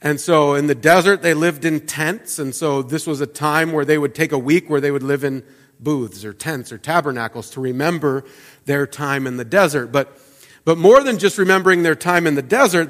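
A man preaching a sermon as pastor, talking in a loose conversational way with fillers and restarts, dropping to soft asides and rising to loud emphatic peaks. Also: fairly high pitch, big-room sound. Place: church sanctuary.

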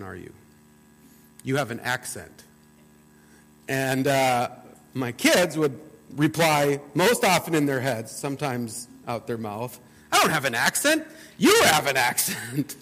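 A man with a Midwestern US accent, a pastor giving a conversational sermon and reading scripture, often repeating words as he restarts. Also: medium pitch. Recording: long hall reverb.

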